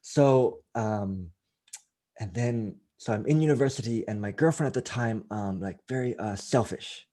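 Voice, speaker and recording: A shy young man talking in broken English, dead flat and unbothered, as a storyteller puts him on. Each line comes in short halting pieces, with no hint of a joke. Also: fairly low pitch, close to an everyday voice. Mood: deadpan.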